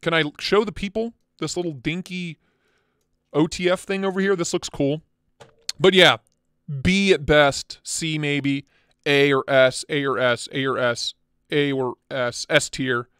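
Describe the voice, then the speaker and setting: A casual, blunt man hosting a chat stream, excitable and quick to swear, sounding tired. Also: a little high, clean tone, dry recording, clean studio sound. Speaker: channel host.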